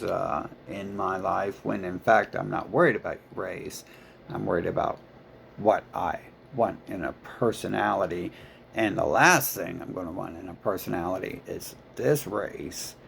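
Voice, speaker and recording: A man's voice: sits low, creaky, a little hiss or hum. A man talking in a rambling, profane monologue full of filler words and restarts.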